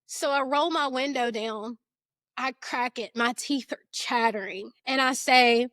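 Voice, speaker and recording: A young woman tells a personal story in an earnest, emotional way, with casual fillers throughout. Her voice sits high, and the sound is dry and close with little room echo. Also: unhurried, fairly bright tone.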